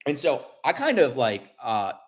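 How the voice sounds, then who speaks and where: A man's voice: mid-range voice, wildly swooping pitch, a little slow. A man vlogger telling a story in casual chat, rambling with many restarts and fillers, and swearing when upset.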